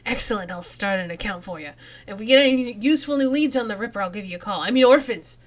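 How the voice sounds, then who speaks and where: A woman's voice: medium pitch, lively intonation, fast talker, lightly acted. A woman voicing a sly, corrupt male police officer in a role-playing game, speaking in a slick, streetwise way. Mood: wheedling. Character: sleazy male cop fishing for bribes, sly.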